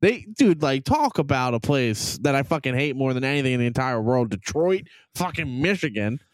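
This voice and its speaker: A man's voice: mid-range voice, sing-song, moderate pace, no echo, studio quality. A man co-hosting a casual sports podcast, blunt and argumentative, swearing freely as he talks. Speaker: podcast co-host. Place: basement at home.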